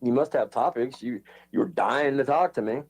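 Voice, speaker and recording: A man's voice: medium pitch, normal speed, breathy edge. A man streaming a heated online argument, taunting and insulting the other speaker in a mocking tone.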